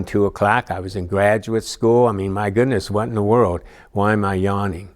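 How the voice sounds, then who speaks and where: A man giving a conversational church lesson, telling personal stories with frequent asides. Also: medium pitch. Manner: storytelling with personal anecdotes, many asides. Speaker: church teacher. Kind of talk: conversational teaching talk.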